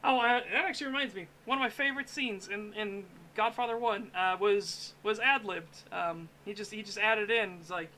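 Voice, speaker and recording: Animated, bright-voiced man telling stories. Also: high-pitched, normal speed, hardly any pauses, slight background noise, rough recording. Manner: animated storyteller, swears freely. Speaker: streamer co-host. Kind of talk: casual podcast chat.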